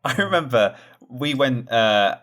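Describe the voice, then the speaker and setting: A young man co-hosting a casual podcast chat, telling anecdotes in a lively way. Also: a little slow. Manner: lively anecdote telling, pitch jumps when excited. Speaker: podcast co-host.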